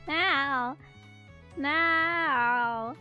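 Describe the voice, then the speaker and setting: A woman's voice: high voice, extremely slow, highs cut off, faint music behind. A woman streamer chatting casually to her viewers, playful and teasing, often giggling. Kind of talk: casual live-stream chat.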